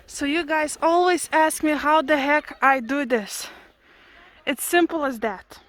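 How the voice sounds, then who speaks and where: A young woman with a high, bright-pitched voice talks straight to her viewers in a casual vlog. She is excitable and laughs often, exclaiming as she goes. She is from Lithuania, with Lithuanian as her first language. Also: unhurried. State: out of breath. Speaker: vlogger. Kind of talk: casual vlog chat to camera.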